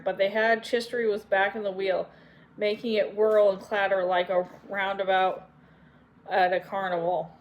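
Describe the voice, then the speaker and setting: A woman narrating an audiobook in a measured, unhurried way. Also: mid-range voice, little pitch movement, dull audio. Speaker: audiobook reader.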